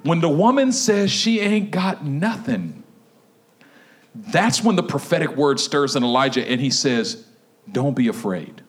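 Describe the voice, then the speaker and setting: A man pastor preaching a humorous sermon, laughing often and telling the story with lively acted-out voices. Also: a little high, measured pace.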